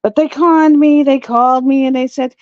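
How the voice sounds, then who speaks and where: At home among her pets, a woman live streams in easygoing, rambling chat, circling back to say things again. Her high-pitched voice is steady and a little mellow at a moderate pace, in a dry recording with the highs cut off.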